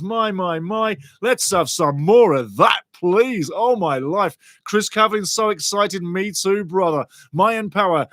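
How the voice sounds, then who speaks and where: A man giving lively, chatty live football watchalong commentary and greeting viewers in the chat. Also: high-pitched, slow, hardly any pauses, no room sound, clean studio sound.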